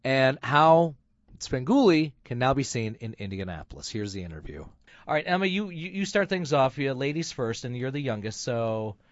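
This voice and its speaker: A man's voice: mid-range voice, animated, moderate pace, dry recording. A middle-aged man from Michigan hosting a radio show, casual and teasing. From Flint, Michigan. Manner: jokey, teasing. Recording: dry, dull radio sound.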